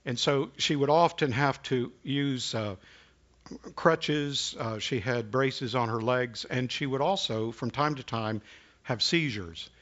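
Middle-pitched preacher guy, halts and restarts a lot, keeps coughing, muffled lo-fi recording. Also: a bit bright. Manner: halting and earnest, with many restarts. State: coughing now and then. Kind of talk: sermon with personal stories. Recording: dull lo-fi recording.

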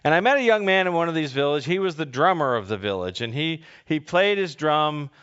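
A middle-aged male pastor from North America, giving a folksy sermon with halting restarts and swings in pitch. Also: expressive, a bit bright, clean tone. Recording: dull lo-fi sound.

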